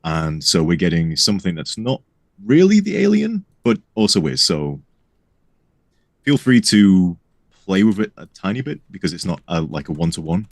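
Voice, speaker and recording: A man leading a game mod project who directs a voice recording session in a relaxed, teasing way. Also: sits low, moderate pace, gravelly, no room sound. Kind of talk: casual chat and direction.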